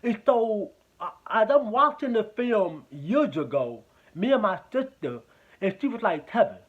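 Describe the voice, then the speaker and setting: A man with a fairly high voice talks through a movie review in a loose, rambling way, swearing often and circling back over the same points. The sound is thin and narrow, close to a phone line. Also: very animated, unhurried. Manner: rambling, profane, repeats himself. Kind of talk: casual spoken movie review.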